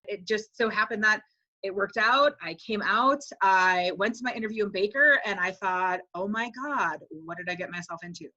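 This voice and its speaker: A woman in her forties from Wisconsin, a high school teacher telling her story as an interview guest, animating quotes in a chatty way. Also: normal speed, highs cut off. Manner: animated, acts out quoted speech with "like".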